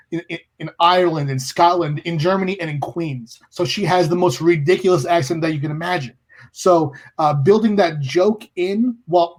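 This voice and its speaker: Higher-voiced man, halting panelist author. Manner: halting, many fillers. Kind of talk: live panel discussion.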